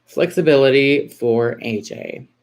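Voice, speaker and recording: A woman's voice: extremely low pitch, a little slow, a little mellow. A woman in her forties from Texas, hosting a casual livestream and chatting to viewers. She greets them by name and answers in a reassuring, rambling way, full of fillers and restarts. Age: 40s. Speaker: livestream host.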